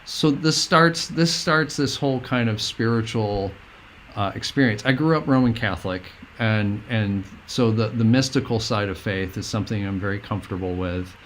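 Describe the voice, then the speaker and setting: A middle-aged man, a guest, telling a personal story in an earnest, meandering, halting way. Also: lowish voice, fairly bright tone, a little hiss or hum.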